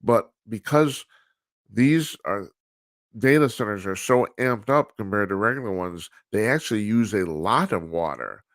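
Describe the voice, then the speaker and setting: Blunt low-voiced talk show host. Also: male voice, expressive, measured pace, no echo, clean studio sound. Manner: rambling, blunt and profane, with frequent restarts. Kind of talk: casual political commentary monologue. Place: studio, live broadcast with video calls.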